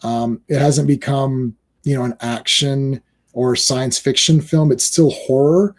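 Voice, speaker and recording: A man co-hosting a casual movie discussion, rambling and animated with quick asides. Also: medium pitch. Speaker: podcast co-host.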